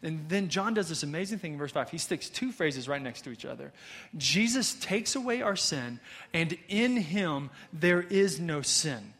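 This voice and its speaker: Male pastor in his thirties, bright high voice, casual animated sermon delivery. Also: moderate pace. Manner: conversational, animated, frequent "right?" asides.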